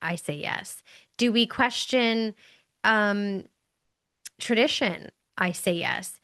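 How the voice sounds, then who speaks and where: Speaking slowly in a medium-pitched, pushed, bright voice, a middle-aged mom co-hosting a casual podcast spins stories full of filler words. She performs the voices of whoever she's quoting.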